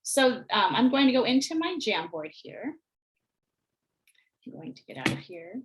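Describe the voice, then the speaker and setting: A woman leads a teacher workshop over a video call, sounding like a presenter at her computer mic. She explains early reading skills in a clear, instructional way, and she slows down to model short words and sentences for the audience. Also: on the high side, big pitch swings, background noise. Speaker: teacher trainer.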